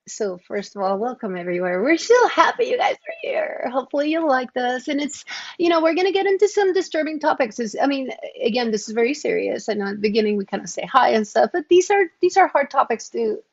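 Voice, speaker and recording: A woman's voice: on the high side, very animated, fast. A woman co-hosting a true-crime livestream, chatting casually and greeting viewers by name with bubbly energy. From Oklahoma. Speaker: podcast co-host. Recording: dull lo-fi stream audio.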